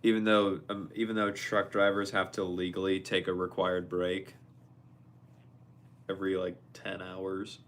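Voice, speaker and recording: A young man hosts a casual livestream, reading out viewer messages and answering them on the fly. His voice sits low, with a gravelly fry and a bright, forceful edge. A faint noise runs underneath. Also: completely flat delivery. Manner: reads viewer messages aloud and reacts, quick and playful. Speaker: livestream host. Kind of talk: casual live-stream chat.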